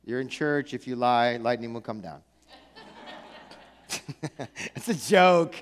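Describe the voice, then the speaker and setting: A male pastor preaching a sermon in church, animated and conversational, with joking asides. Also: medium pitch, slow pace, a little hiss or hum. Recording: echoey church hall.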